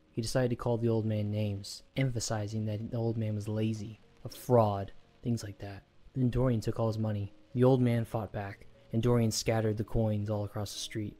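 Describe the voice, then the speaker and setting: A man narrating a first-person horror story in a steady, measured way. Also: on the low side.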